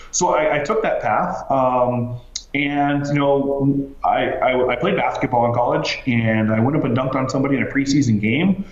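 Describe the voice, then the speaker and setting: Man, podcast guest, animated storyteller, lots of fillers, roomy echo, slightly dull audio. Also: medium pitch, normal speed. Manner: animated, many fillers and restarts. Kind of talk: casual storytelling interview.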